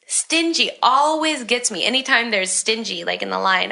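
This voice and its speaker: A woman's voice: a little high, lively intonation, moderate pace, gravelly, pushed and bright. A woman who is a voice actor and podcast guest, chatting casually and filling her speech with "like.". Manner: chatty, full of fillers like "like".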